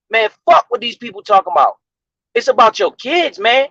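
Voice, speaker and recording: Profane high-voiced man ranting on stream. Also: very animated, moderate pace, creaky, pushed and bright, no room sound. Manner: profane, emphatic, preachy. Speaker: livestream host. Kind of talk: casual livestream rant about money. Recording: dull lo-fi stream audio.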